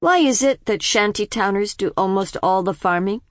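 A woman's voice: medium pitch, expressive, normal speed, dry recording, clean studio sound, voice pushed up, lightly acted. A woman voicing a curious, defiant young woman of twenty who keeps asking pointed questions. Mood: probing.

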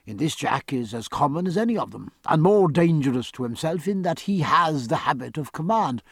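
A man's voice: fairly high pitch, lively intonation, normal speed, husky, no echo, clean studio sound. A man voicing a learned male ship's surgeon who speaks dryly and precisely.

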